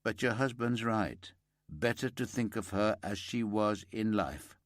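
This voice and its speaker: Man reading a weary inspector: low, careful, gentle, slow audiobook read. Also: animated, no room sound, studio quality.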